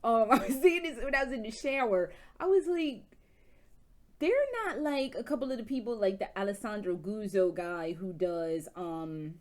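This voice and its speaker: A woman vlogger reviewing games in casual chat, telling stories in an animated, profane way with frequent laughs. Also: mid-range voice, moderate pace. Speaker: video game vlogger.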